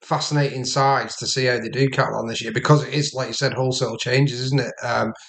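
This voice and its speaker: A man co-hosting a sports podcast in casual chat, speaking in a halting, agreeable way. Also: medium pitch, steady tone, vocal fry, fairly bright tone. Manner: halting, agreeable, many fillers. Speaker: podcast co-host.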